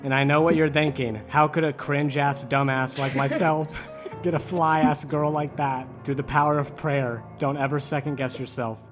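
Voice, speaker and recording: A man's voice: on the high side, fairly even intonation, moderate pace, over music. Mock-dramatic man with crude jokes. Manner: mock-dramatic, crude, laughing through lines. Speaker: podcast guest storyteller. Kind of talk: comedic storytelling.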